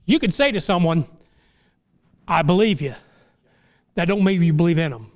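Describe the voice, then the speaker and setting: A middle-aged man preaching a sermon from the pulpit, his voice sitting notably high for a man. He talks in a folksy, plainspoken way, then climbs into fervent, impassioned stretches. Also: lively intonation, quick pace, a little mellow. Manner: folksy, rises to impassioned crescendos. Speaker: pastor.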